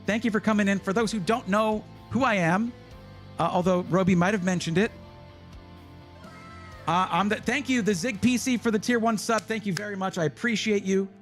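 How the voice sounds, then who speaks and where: Excitable high-voiced man hosting a stream. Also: faint music behind. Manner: excited, reads names in rapid bursts. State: voice going hoarse. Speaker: livestream host. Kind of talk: live stream chat.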